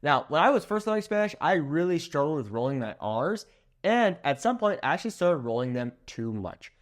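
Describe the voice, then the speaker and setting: A young man, a native English speaker, teaching Spanish pronunciation in an upbeat way, slowing down to spell out words and checking in with "okay?". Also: on the high side, very animated. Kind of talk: energetic language lesson.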